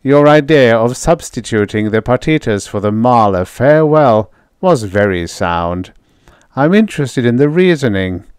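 A man's voice: mid-range voice, animated, darkish tone, clear, resonant tone, no room sound, clean studio sound, natural voice. A man doing a cool, precise mastermind. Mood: measured. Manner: measured, precise, intoning.

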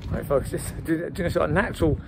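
Brief: excitable male vlogger, slightly high voice, noisy outdoor handheld recording. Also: quick pace. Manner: chatty, excitable, says "man" and "folks" a lot. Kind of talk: casual vlog chat. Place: outdoors on a university campus.

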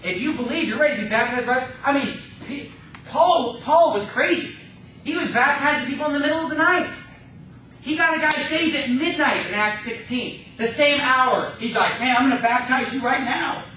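A man preaching a fervent sermon in a church, reading scripture slowly and mocking opposing views in quick asides. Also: very high voice, sharp tone, a little hiss or hum. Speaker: pastor. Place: church sanctuary. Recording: echoey church room, mic far off.

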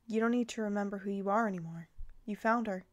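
A woman's voice: medium pitch, quick pace, natural voice. A woman reading as a glum lovesick head elf.

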